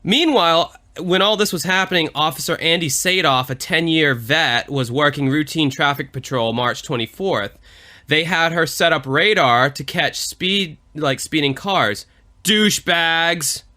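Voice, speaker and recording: Bright-voiced man swearing on a podcast. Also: a little high, moderate pace. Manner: animated, swearing storyteller. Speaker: podcast co-host. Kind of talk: casual podcast chat.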